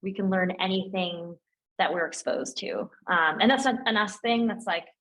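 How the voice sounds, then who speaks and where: A young woman speaking as a guest in a casual interview, animated and chatty, filling her talk with "like" and "um". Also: mid-range voice, normal speed, poor audio. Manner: animated and chatty, heavy use of "like" and "um". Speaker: guest, operations lead at a tech firm.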